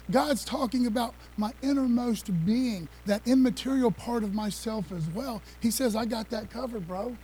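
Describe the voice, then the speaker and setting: A male preacher giving an excited, conversational sermon, talking fast with laughs and casual asides. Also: sits high, husky, rough recording. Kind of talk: energetic sermon with slides.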